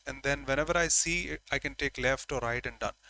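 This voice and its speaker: Male tutor, bright and forceful, lively explainer, dry close sound. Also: mid-range voice, brisk, dry recording. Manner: lively, calls on students by name, acts out examples. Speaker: teacher. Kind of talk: online exam-prep lesson.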